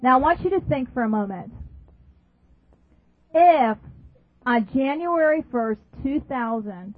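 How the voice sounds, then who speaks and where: A woman's voice: high-pitched, lively intonation, slow pace, no room sound. A woman preaching a sermon emphatically, repeating phrases and asking her listeners questions. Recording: dry, phone-like narrow sound.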